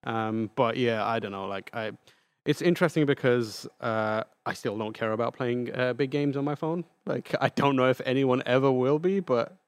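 A man at an ordinary speaking pitch talks as a guest on a games podcast, working through his ideas out loud with plenty of likes and self-corrections. His voice sits close and dry on the mic. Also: moderate pace, smooth, no room sound. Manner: thinks aloud with many likes and restarts. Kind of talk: casual podcast chat.

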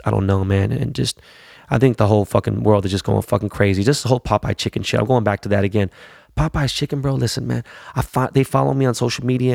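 A man's voice: lowish voice, vocal fry, darkish tone, dry recording, clean studio sound. A man chatting casually about his weekend in a slangy, profane, rambling way. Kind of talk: casual chat.

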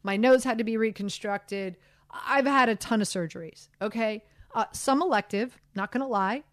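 A woman hosting a sports radio show, chatting in an animated, self-deprecating way with lots of fillers, on a studio microphone. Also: fairly high pitch, moderate pace, dry recording. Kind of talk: casual sports talk chat.

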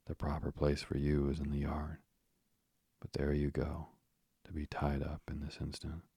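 A man voicing a proud, self-pitying father in a bedtime storybook reading, in a very low, creaky, husky voice. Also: completely flat delivery, moderate pace, mellow, dry recording, studio quality, heavily acted. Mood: petulant. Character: blustering proud middle-aged father.

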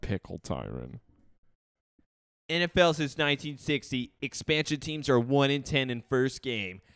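A man's voice: medium pitch, fairly even intonation, normal speed, fairly bright tone, smooth, no room sound. A young man co-hosting a casual chat over an old football game, sardonic and often groaning in exasperation. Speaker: podcast co-host.

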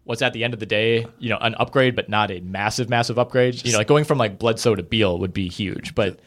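Low guy chatting hoops trades, lots of "like" and "you know", laid back. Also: fast, fairly bright tone. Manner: conversational, hedging with many fillers. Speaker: podcast co-host. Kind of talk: casual basketball trade talk.

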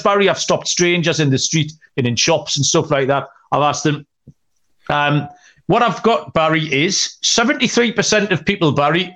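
A man's voice: fairly high pitch, a bit bright. A young adult man co-hosting a betting podcast, telling rambling jokey stories in casual chat with lots of fillers. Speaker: podcast co-host.

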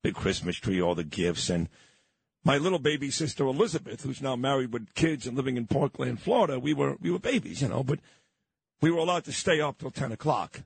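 A man's voice: medium pitch, lively intonation, fairly quick, gravelly, husky. A man, a radio host reminiscing in a sentimental, rambling way. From Brooklyn, New York. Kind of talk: reminiscing on-air chat.

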